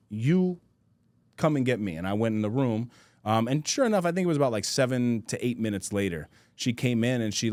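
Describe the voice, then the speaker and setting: Brief: relaxed male host, loose slangy storyteller, dry studio sound. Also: fairly low pitch, no room sound. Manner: loose slangy talk, says bro a lot, laughs easily. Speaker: podcast host. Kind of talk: casual storytelling chat.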